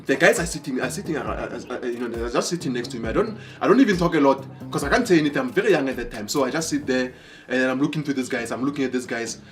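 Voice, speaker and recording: A man telling motivational stories in an animated way, breaking into excited exclamations. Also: medium pitch, racing, soft background music. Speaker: motivational speaker. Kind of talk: motivational storytelling.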